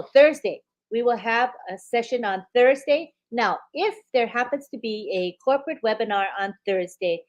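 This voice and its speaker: A woman's voice: a little high, a little mellow. A woman co-hosting a live webinar, reading viewer comments aloud in an upbeat way. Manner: upbeat, reads comments aloud one after another.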